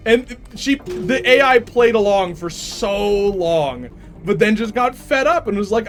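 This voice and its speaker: A male streamer giving casual gaming commentary, telling animated stories and laughing often. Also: high-pitched, measured pace.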